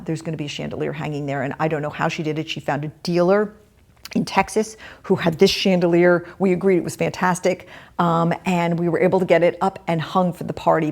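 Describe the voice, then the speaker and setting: An older woman giving a house tour, telling a story in a chatty, animated way with many ums and restarts. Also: deep voice, gravelly. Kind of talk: casual storytelling.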